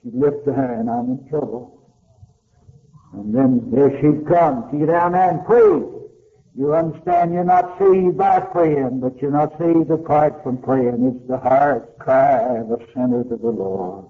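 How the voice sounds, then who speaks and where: An older man preaches with fervor, his pitch leaping up and falling away as he tells his story. The recording is thin and tinny, like an old tape heard down a phone line. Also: animated, unhurried. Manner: impassioned storytelling with wide swings of pitch. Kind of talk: sermon.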